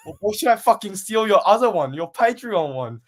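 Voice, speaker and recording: A man co-hosting a wrestling podcast, chatting casually, animated and swearing often. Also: high voice, fairly quick. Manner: animated, swears a lot, breaks into laughter. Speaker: podcast co-host. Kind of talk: casual chat.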